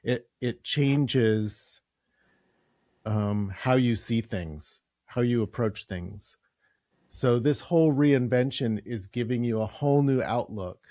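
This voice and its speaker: A man's voice: mid-range voice, slow, warm tone, no room sound, clean studio sound. Easygoing male podcast host. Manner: easygoing, laughs readily. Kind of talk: conversational interview.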